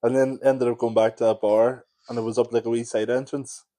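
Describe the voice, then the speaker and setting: A man's voice: medium pitch, little pitch movement, fairly quick, dark tone, no room sound. A young man, recalling a night out in a rambling, filler-heavy casual chat. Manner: rambling recollection, many fillers. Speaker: podcast co-host.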